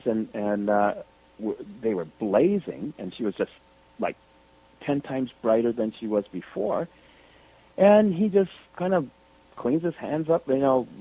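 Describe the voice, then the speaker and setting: A man guest on a radio interview, telling a story in an animated, lively way over the phone. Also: mid-range voice. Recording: tinny phone line.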